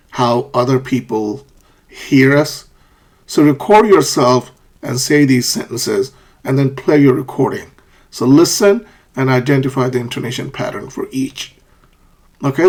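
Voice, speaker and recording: A man teaching an online English lesson, who checks in often with "okay?" and "right?" and models intonation by repeating example sentences. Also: mid-range voice.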